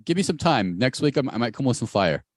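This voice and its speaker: Man, podcast co-host, lively swooping voice, quick animated storytelling, very dry sound. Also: no echo. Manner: rapid, animated storytelling with big pitch jumps. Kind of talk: casual podcast chat. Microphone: recorded over a video call.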